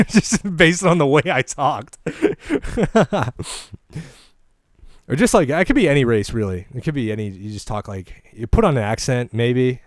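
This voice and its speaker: A man's voice: mid-range voice, lively intonation, a little slow, no room sound, studio quality. A young man hosting a comedy podcast, talking casually in a meandering way and chuckling at his own jokes. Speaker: podcast host. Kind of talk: rambling comedy podcast monologue.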